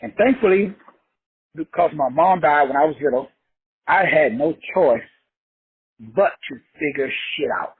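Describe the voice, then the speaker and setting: Casting: high, husky-voiced man from Texas, slangy motivational preacher, lo-fi call audio. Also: lively intonation, unhurried, long pauses. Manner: emphatic, repetitive, slangy and profane. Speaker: teacher leading an online call. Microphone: online call. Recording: phone-like lo-fi audio.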